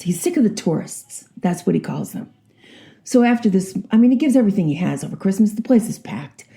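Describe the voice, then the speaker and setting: Woman in her sixties, vlogger, chatty storyteller, low gravelly voice. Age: 60s. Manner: chatty, rambling, animated storyteller. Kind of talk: casual joke telling.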